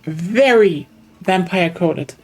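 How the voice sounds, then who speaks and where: A woman's voice: on the low side, animated, takes it slowly, faint music behind. A playful, teasing woman co-player. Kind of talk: casual gaming chat.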